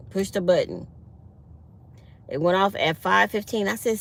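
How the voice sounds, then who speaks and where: A woman, chatting casually to her viewers from her parked car, telling lively stories with acted-out quotes. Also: medium pitch, moderate pace, gravelly. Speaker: vlogger. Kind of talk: casual morning chat to viewers.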